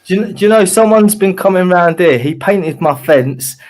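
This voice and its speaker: A man's voice: high-pitched, animated, normal speed. A man chatting on a live stream, laid-back and joking, often stumbling and restarting his words. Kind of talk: casual chat.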